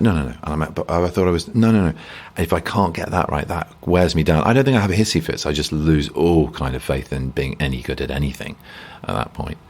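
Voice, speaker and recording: A man, an actor as a guest, talking reflectively and self-deprecatingly in a rambling interview, often restarting sentences. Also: extremely low pitch.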